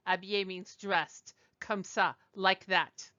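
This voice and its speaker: Slow, bright-voiced woman teacher. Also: medium pitch, muffled recording. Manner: explanatory, digressive, with fillers and restarts. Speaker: language teacher. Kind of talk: recorded lecture over slides.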